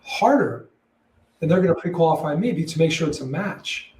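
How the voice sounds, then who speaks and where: A man talks calmly and plainly about his work, often circling back in short repeated phrases. His voice sits slightly high. He sounds a little away from the mic, in a roomy, echoey space. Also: brisk, recorded from a distance. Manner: calm, matter-of-fact, repeats himself in short phrases. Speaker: probate real estate broker, guest. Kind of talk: conversational interview. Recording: roomy echo, voice a bit off-mic.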